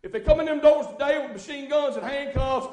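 A man preaching a fervent sermon in a church, swinging from hushed tones to loud shouting and calling out "hey, listen.". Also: very high-pitched, brisk. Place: church sanctuary. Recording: echoey church room.

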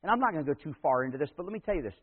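Male pastor, sermon delivery, husky tone, emphatic build-ups, tinny lo-fi phone-like audio. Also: a little high, animated, very fast, big-room sound. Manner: preaching, rising to loud emphatic peaks.

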